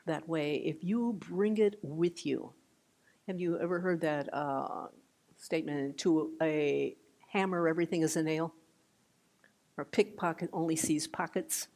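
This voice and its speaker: An older woman giving a meditation talk, gentle and unhurried, with soft trailing phrases and restarts. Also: deep voice. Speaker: meditation teacher. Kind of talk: dharma talk. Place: meditation hall.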